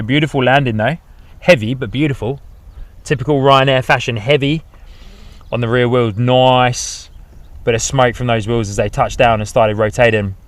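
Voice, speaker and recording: A man of middle pitch hosts a live plane-spotting stream from outside an airport. He talks casually and cheerfully as he reads out viewer messages and calls each landing. The sound is dry and close to the mic. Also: no room sound. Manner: chatty, reads out chat messages, upbeat asides. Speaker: plane spotting livestream host. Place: outdoors at an airport.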